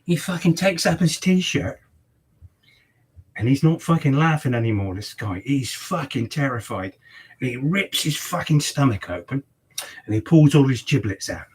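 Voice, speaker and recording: In his shop, a barber swears his way through a long, meandering story while chatting with a client during a haircut. His mid-range voice is animated, darkish and slightly rough, at normal speed, captured on a rough recording.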